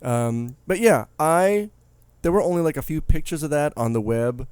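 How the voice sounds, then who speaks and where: A man's voice: fairly high pitch, expressive, moderate pace, darkish tone, smooth. A man in his thirties co-hosting a podcast in casual, joking, rambling chat. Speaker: podcast co-host.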